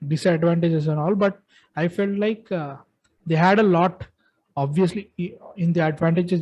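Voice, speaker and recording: A man in casual chat, giving excited, rambling opinions with frequent restarts as he ranks films. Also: on the high side, low-quality recording. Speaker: co-host ranking films.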